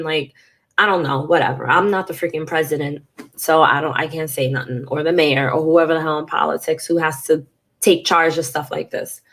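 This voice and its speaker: A congested woman in her thirties talking frankly and casually to her viewers in a personal vlog, swearing now and then. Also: low voice. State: congested from a cold. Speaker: vlogger.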